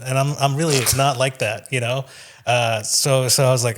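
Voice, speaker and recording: A man's voice: medium pitch, fairly even intonation, moderate pace. A man hosting a casual comedy podcast, joking and laughing often as he talks. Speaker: podcast host.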